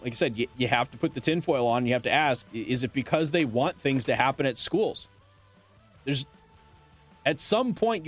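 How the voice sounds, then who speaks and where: A man hosting a talk radio show, making his points with pointed rhetorical questions and hiccuping now and then. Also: a little high. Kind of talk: opinionated talk radio monologue.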